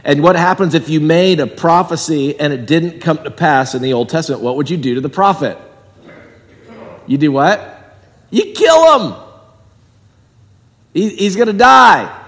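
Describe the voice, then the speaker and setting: A man preaches in a loose, conversational style, rising into loud, emphatic peaks and then sinking back to soft asides. His voice sits fairly high for a man, and it rings out with the long reverb of a large hall. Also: normal speed. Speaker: pastor. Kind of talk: sermon.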